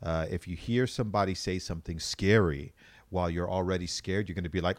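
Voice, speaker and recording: A man co-hosting a casual podcast chat, telling stories in a rambling, animated way with frequent restarts. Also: sits low, fairly quick, no room sound, clean studio sound.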